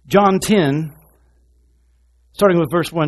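A man with a rather high voice preaches a sermon, speaking directly to his congregation. He's animated, sinking to a hush and then swelling loud, tossing quick asides to the crowd.

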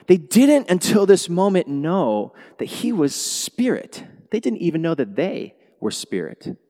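Animated man preaching in a reverberant hall. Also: a little high. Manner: animated, acts out dialogue, laughs often. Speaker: pastor. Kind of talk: sermon. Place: church hall.

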